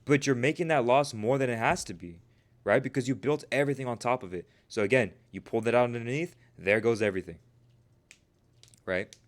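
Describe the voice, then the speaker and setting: On his live stream, a fairly quick-talking man with a mid-range voice answers chat and coaches traders in a casual, forceful style. He keeps addressing the audience as "bro" and "you guys," tacking on "right?" as he preaches motivation.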